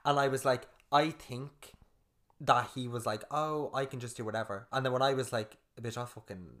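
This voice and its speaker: A young man, co-hosting a casual podcast chat, telling stories fast and swearing freely. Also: medium pitch, steady tone, a bit bright. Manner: fast storytelling, swears a lot, acts out his own quotes. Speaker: podcast co-host.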